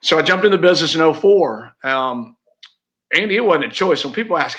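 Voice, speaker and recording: A man's voice: a little high, expressive, a little fast, a bit bright. Earnest middle-aged man. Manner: earnest, heartfelt, many fillers and restarts. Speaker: real estate agent, interview guest. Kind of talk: emotional personal storytelling.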